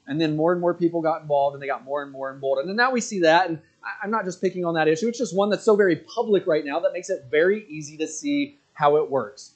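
Male pastor with a high voice, mid-sermon, animated and at times indignant. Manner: animated preaching, rising to indignant outbursts. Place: church sanctuary.

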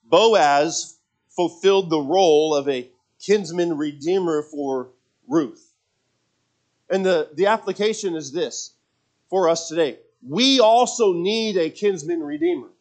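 Guy preaching a sermon, kinda high voice, gets loud then goes quiet telling a story. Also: a little slow. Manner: swings from quiet storytelling to raised, emphatic preaching; reads scripture in King James wording. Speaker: pastor.

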